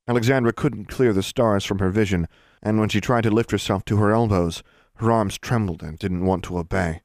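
Low-voiced male storybook narrator. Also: brisk, a little mellow, dry recording, studio quality. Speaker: audiobook narrator.

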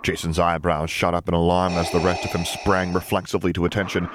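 A man reading a story aloud in measured, dry narration. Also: sits low, monotone, noisy background. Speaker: audiobook reader. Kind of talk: scripted narration of fan fiction.

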